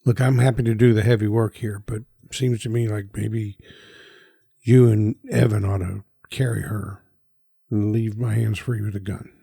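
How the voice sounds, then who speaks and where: Gravelly man playing a tabletop game. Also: fairly low pitch, little pitch movement, warm tone, dry recording, clean studio sound. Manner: frequent throat clearing, deliberate. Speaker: player.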